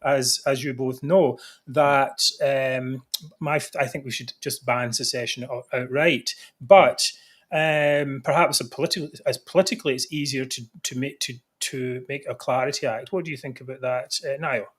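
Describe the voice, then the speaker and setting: A man's voice: medium pitch, fairly even intonation, moderate pace, a bit bright. A man hosting a political discussion show over a livestream, talking in fits and starts with many restarts and fillers. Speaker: host. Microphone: livestream video call.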